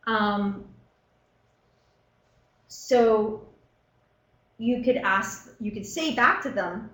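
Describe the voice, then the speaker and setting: A woman's voice: mid-range voice, extremely slow, pauses often, a bit bright. Lady giving a talk to pros, chatty, lots of ums, roomy echo. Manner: conversational, filler-heavy, acts out short exchanges. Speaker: psychiatrist teaching a workshop. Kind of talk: lecture to a professional audience. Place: meeting room.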